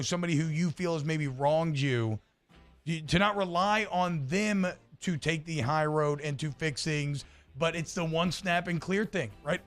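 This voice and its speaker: A man's voice: fairly high pitch, fairly bright tone, clear, resonant tone. A man hosting a morning sports radio show in a studio, talkative and upbeat with fillers and restarts.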